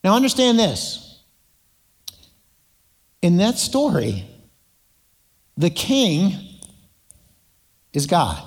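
A man with a fairly high voice delivers a sermon, retelling stories and acting out their characters while drawing the congregation in. His voice rings with a long hall reverb, as if from a church sanctuary. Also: huge pitch swings, extremely slow, vocal fry, pauses often. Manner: storytelling with acted voices and audience prompts. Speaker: pastor.

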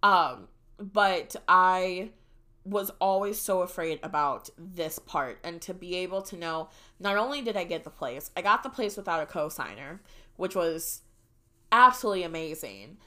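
A young woman hosting a podcast, telling a personal story in a casual, animated and dramatic way. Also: fairly low pitch, moderate pace. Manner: animated and dramatic, shrieks when reliving moments. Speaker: podcast host.

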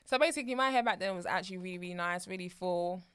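Thirties woman co-host, lowish voice, dry close sound, chatty and sassy. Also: very fast, a bit bright, clean tone, no room sound. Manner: chatty, laughing, mock-indignant. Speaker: podcast co-host. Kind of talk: casual chat.

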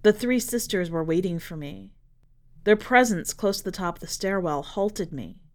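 A woman narrating a dark short story for a fiction podcast in a measured, dramatic reading style. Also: mid-range voice, animated. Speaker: podcast editor and reader.

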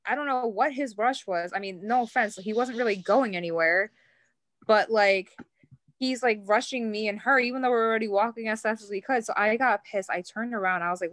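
A woman's voice: a little high, fairly quick, a bit bright, no echo. A young woman from New York with a New York accent, a podcast guest telling stories in casual chat, with many 'like' fillers. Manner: storytelling with heavy 'like' fillers.

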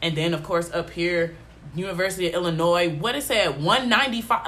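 Low-voiced young woman, congested. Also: moderate pace, a bit bright. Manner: emphatic, exasperated, lots of slang fillers. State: congested from allergies. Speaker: podcast host. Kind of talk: casual solo podcast chat.

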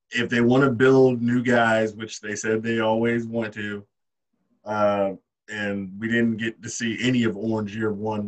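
A man's voice: lowish voice, recorded from a distance. A man co-hosting a casual podcast, laid-back and thinking aloud through his reasons. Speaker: podcast co-host. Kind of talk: casual chat.

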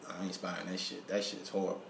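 A gravelly-voiced man trading blunt, laid-back lines on a podcast. His voice bounces around a roomy space with a faint hiss underneath. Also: sits low, monotone, rapid-fire. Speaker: podcast co-host. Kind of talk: casual podcast banter. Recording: echoey room, faint hiss.

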